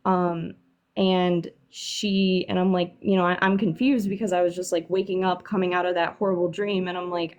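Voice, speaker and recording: A woman's voice: lowish voice, little pitch movement, normal speed, darkish tone. A young woman calling in to a live stream to share a paranormal story, sounding nervous and hesitant, with many fillers and restarts. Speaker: caller sharing a paranormal story.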